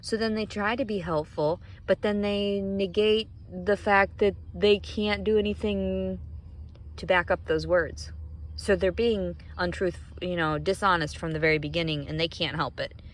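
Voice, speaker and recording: A woman pours out a frightened, angry rant straight to her viewers. She swears freely and talks in an agitated, unsettled way. Her voice sits at a middle pitch. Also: fairly even intonation, moderate pace. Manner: profane, agitated, fearful. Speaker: vlogger. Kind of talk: emotional vlog rant.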